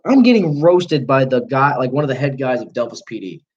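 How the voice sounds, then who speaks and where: A man's voice: medium pitch, big pitch swings, fairly quick, darkish tone, lo-fi sound. A young man hosting a livestream, telling a long story casually with plenty of swearing and mid-sentence corrections. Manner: rambling, profane, self-correcting. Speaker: livestream host.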